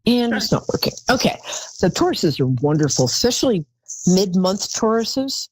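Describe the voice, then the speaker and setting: A woman's voice: mid-range voice, expressive, moderate pace, a little mellow, a little hiss or hum, low-quality recording. A woman hosting a live call-in psychic show, chatty and rambling, calling her callers darling.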